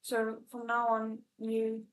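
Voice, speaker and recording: A woman reading the lines of a firm young female disciple who scolds in a steady, stern way. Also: a little high, slow. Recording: echoey room.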